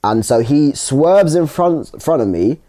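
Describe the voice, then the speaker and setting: Young guy, mellow dark voice, animated telling a story on a podcast. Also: a little high, a little slow. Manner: animated storytelling, acts out his own lines. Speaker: podcast co-host. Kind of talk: casual chat.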